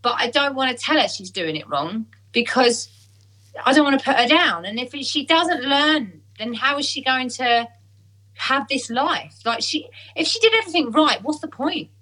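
Woman, breathy voice, bright tone, animated storytelling guest. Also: high voice, normal speed, low-quality recording. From Essex, England. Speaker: singer-songwriter guest. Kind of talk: casual conversation.

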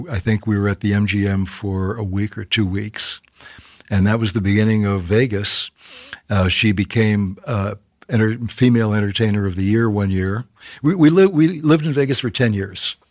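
An older man from Canada, a guest telling stories in casual conversation, a lively raconteur who keeps checking in with "okay?". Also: fairly low pitch, dry recording, studio quality. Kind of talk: casual anecdotal storytelling.

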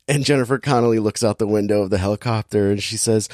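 A man casually recapping a movie plot with sarcasm, briefly acting out the characters' lines in quick impressions. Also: lowish voice, fairly even intonation, a little mellow, no room sound, clean studio sound. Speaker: podcast host recapping a movie. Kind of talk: casual chat.

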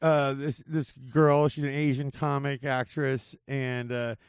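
A man's voice: mid-range voice, steady tone, measured pace, clear, resonant tone, no room sound. Rambling man, dry close sound. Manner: rambling, lots of "like" and laughter. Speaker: podcast guest, comedian. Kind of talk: casual comedic podcast chat.

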